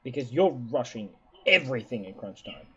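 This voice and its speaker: A man's voice: medium pitch, sing-song, moderate pace, a bit bright, highs cut off. A man co-hosting a gaming podcast, talking casually, opinionated and swearing freely. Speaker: podcast co-host.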